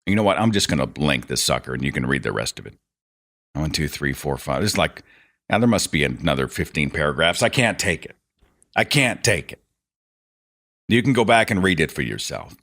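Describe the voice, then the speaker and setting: A man's voice: rumbling low, expressive, fairly quick, a bit bright. A man hosting a podcast, reading an article aloud and breaking off with sarcastic, exasperated asides. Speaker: podcast host.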